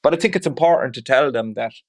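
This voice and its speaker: A man's voice: medium pitch, quick pace. A man speaking as a father in an interview, reflective and open, talking candidly with frequent "you know" asides. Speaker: guest; father of two.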